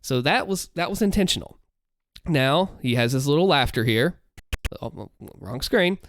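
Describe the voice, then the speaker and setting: Animated man breaking down his voice acting. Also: on the high side, unhurried, no echo. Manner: animated, explains with vocal demonstrations; holds back volume late at night. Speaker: content creator explaining his voice work.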